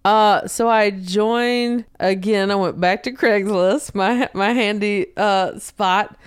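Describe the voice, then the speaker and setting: A woman's voice: medium pitch, steady tone, slow pace, smooth, no echo, clean studio sound. A woman guest telling a comic story on a podcast, chuckling at herself as she goes. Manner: self-amused, chuckling through stories.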